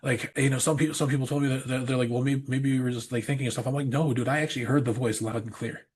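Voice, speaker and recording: A man's voice: mid-range voice, steady tone, fast, breathy edge. A man, a pastor guest on a podcast, earnestly telling a personal story in a rambling way, often repeating himself.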